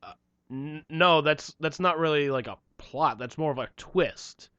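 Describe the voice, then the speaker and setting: A man's voice: fairly high pitch, a little slow, bright, forceful tone, smooth, dry recording. A young man co-hosting a casual podcast chat, swearing freely and acting out the people in his stories. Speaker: podcast co-host. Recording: dull lo-fi podcast mic.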